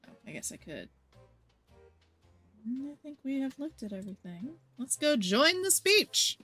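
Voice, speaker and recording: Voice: sits high, very animated, a little slow, bright, forceful tone. A streamer talking casually over a video game, chatty and playful with a rambling flow. Faint game music runs underneath.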